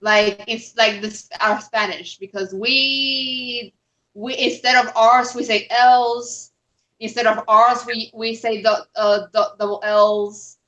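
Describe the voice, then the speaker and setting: A woman's voice: a little high, flat delivery, takes it slowly, a bit bright. A woman taking part as a guest panelist in a casual live chat over a video call, often searching for words and restarting her sentences. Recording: dull lo-fi call audio.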